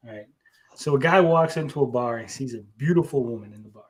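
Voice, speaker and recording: A man's voice: mid-range voice, fast talker. A young man co-hosting a casual podcast, telling jokes with lots of fillers and restarts. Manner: rambling joke-teller with many fillers. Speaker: podcast co-host and comedian.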